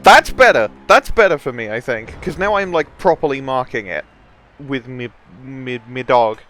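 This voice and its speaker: A man's voice: medium pitch, moderate pace, fairly bright tone. A man chatting casually while playing a tabletop sports game with friends, talking through his own moves in a playful way.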